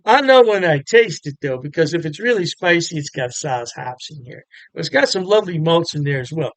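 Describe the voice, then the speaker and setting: A man's voice: fairly high pitch, lively intonation, fairly quick, no room sound. A man giving a casual, chatty beer review to camera, upbeat and full of fillers.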